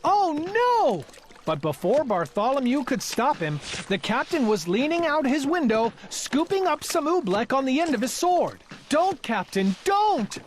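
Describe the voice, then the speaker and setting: Lively woman reading a storybook. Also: high-pitched, normal speed, hardly any pauses, slight background noise. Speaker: storybook reader. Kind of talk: reading a children's book aloud.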